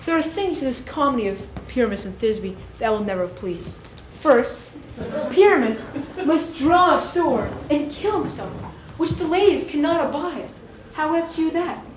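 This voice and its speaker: A woman playing a boastful male amateur actor, talking in a brisk, emphatic way. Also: high-pitched, animated, slight background noise. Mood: eager. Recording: echoey, from far off.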